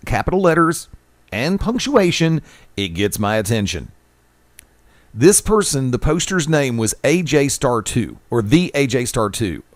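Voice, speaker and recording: A man's voice: medium pitch, no echo. A man co-hosting a wrestling radio show, talking in an easygoing way and reading out comments from listeners. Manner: easygoing, reads out chat comments. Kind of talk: casual radio talk.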